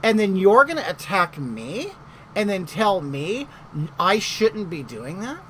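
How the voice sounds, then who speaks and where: Animated, gossipy middle-aged storyteller. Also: mid-range voice, takes it slowly, a little hiss or hum, poor audio. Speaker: vlogger. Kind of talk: casual storytelling chat.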